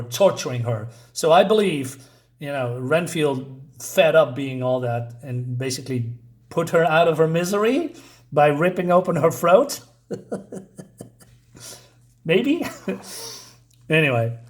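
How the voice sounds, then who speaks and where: Chatty man reviewing comics. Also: fairly high pitch. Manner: chatty, tags lines with 'right?' and 'you know', reads panels aloud. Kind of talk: casual review chat.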